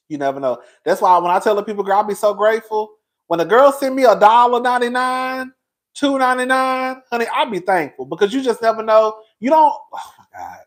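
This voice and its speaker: A man in his forties hosting his own commentary channel, talking to viewers in a sassy, emotional, gossipy casual chat. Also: high-pitched. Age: 40s.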